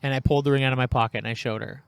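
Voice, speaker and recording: Man, podcast co-host, casual storytelling, animated quotes, dry booth sound. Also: medium pitch, racing, vocal fry, clean tone, no echo. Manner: animated, acts out quoted lines.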